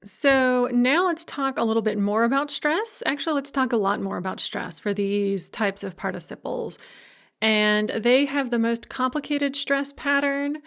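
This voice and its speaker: Woman, language lecturer, slightly high voice, patient explanations, light humor. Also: a bit bright. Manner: explains patiently, slowing down to pronounce example words. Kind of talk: recorded grammar lecture.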